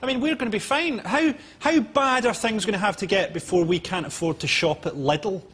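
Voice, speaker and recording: Sardonic high-voiced male comedian. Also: a little fast, background noise. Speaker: comedy panelist. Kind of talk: comic panel banter. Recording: TV studio with audience laughter.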